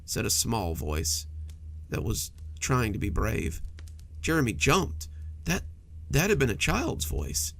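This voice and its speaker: A man narrating scripted horror stories in an expressive, dramatic manner. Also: medium pitch, slow pace, gravelly.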